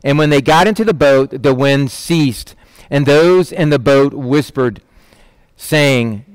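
A man preaching a sermon, lively and conversational, often asking "right?" and acting out quoted lines in changing voices. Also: mid-range voice, slow pace, clean tone, dry recording.

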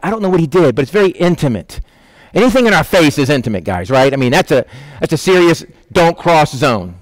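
A man preaching a conversational sermon, animated and acting out the voices of people in the story. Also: fairly high pitch, no echo, rough recording. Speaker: pastor.

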